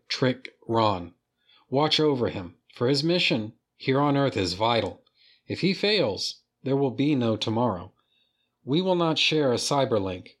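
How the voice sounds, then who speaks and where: A man reading aloud the lines of a stern female alien overseer from a comic, in a measured, formal way. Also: mid-range voice, close to an everyday voice.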